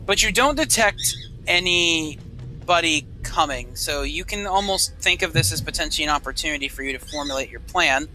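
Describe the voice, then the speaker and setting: A man narrating a tabletop role-playing game as dungeon master, quick and conversational. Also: on the high side, animated, bright, forceful tone, slight background noise, low-quality recording.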